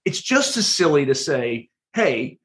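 A man with a fairly high speaking voice talks as a podcast guest, explaining his points with lively energy. He often stumbles and restarts his sentences as he goes. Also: fairly quick. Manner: animated explainer, frequent restarts. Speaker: guest author. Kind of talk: podcast interview.

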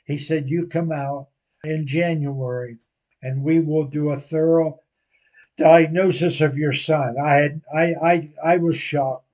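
An older man preaching a sermon, telling a personal story slowly and earnestly. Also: a little high, darkish tone. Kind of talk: sermon testimony.

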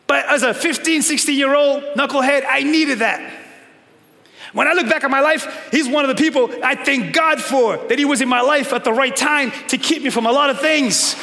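Pastor guy preaching hard, high sharp voice, big echoey church hall. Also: moderate pace. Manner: emphatic preaching, rising to shouts then dropping low. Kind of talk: sermon. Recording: long reverb of a large hall.

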